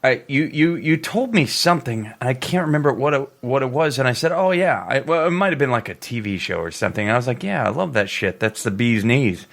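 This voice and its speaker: A man co-hosting a podcast in casual chat, halting and stammering, with many restarts. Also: mid-range voice, lively intonation, vocal fry, fairly bright tone. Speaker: podcast co-host.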